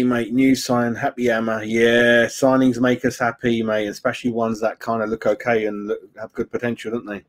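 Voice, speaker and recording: A man's voice: medium pitch, fairly even intonation, normal speed, few pauses. A man hosting a casual fan live stream, chatting loosely, greeting viewers by name and saying "mate" a lot. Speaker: fan channel host.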